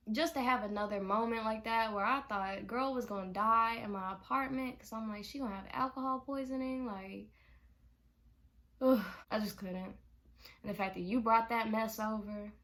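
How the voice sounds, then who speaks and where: A young woman recounts a story in an animated, exasperated tone. Her voice sits a bit high for a woman, and she talks casually and swears freely. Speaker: vlogger.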